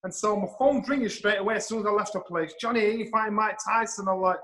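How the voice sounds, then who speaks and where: A middle-aged man tells an anecdote with a fairly high voice for a man. He is lively and blunt, swears freely and acts out each quote. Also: fast, few pauses, rough recording. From England. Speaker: guest storyteller. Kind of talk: anecdotal storytelling.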